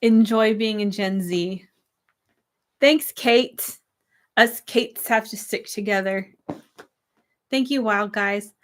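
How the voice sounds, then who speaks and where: Young woman host, chatty and relaxed, slight hoarseness, answers her viewers' comments. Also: medium pitch, slow, long pauses. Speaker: livestream host. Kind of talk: casual livestream chat. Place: her room with string lights.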